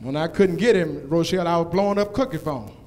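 A man preaching a sermon in a church, with call-and-response lines that build to shouted climaxes. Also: fairly high pitch, quick pace. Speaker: pastor. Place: church sanctuary. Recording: long church reverb.

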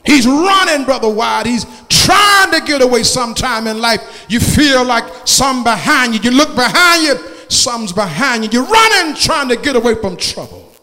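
A man preaching a sermon, calling out to the congregation and swinging from shouts down to hushed tones. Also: extremely high pitch, animated, normal speed. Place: church sanctuary. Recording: church hall reverb.

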